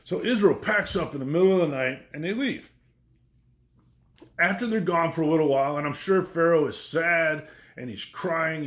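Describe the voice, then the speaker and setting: A man's voice: on the high side, a bit bright, roomy sound. A man teaching a lesson on biblical history in a conversational way, often checking in with the listeners. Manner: conversational, checks in with "right?" and "okay?".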